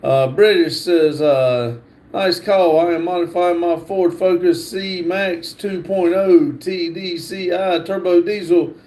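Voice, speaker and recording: A man's voice: sits high, dark tone. A man hosting a casual livestream, reading viewers' comments aloud. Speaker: livestream host.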